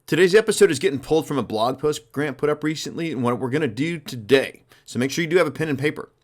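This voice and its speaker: A man hosting a motivational sales podcast, talking in an emphatic, energetic, conversational way. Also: fairly high pitch, fast talker. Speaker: sales coach and podcast host.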